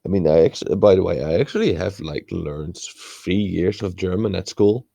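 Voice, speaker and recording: A man talks haltingly on a casual podcast, filling his pauses with ums and uhs. His voice sits fairly low and sounds dry and close. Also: expressive, creaky, mellow, dry recording. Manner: hesitant, full of ums and uhs. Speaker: podcast co-host.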